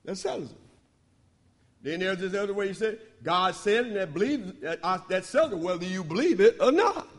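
High-pitched preacher man, loud then hushed, calling back to the crowd, big echoey church. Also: expressive, brisk. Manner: emphatic call-and-response preaching, swinging from loud to hushed. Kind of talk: sermon. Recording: long hall reverb.

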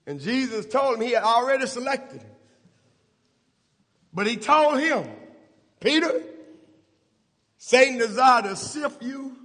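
A man preaching a sermon in a church, impassioned and rising to shouts. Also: extremely high pitch, expressive, a little slow, pauses often. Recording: long reverb of a church hall.

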